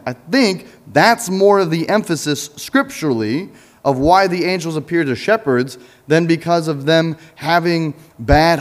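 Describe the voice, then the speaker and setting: A man preaching a sermon in a church, talking easily with the congregation, asking them questions, answering them himself and joking with them. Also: on the high side. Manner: jokes with the congregation. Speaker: pastor. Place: church sanctuary.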